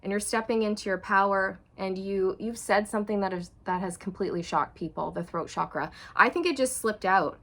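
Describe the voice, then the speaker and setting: A woman doing a channeled tarot reading for viewers, chatty and expressive. She acts out quoted feelings with big swings, then drops soft and low for emotional parts. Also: a little fast, hardly any pauses. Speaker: tarot reader.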